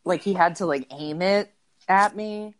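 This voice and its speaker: A woman co-hosting a podcast, telling playful deadpan jokes in casual comedic chat. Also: fairly low pitch, measured pace. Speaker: podcast co-host.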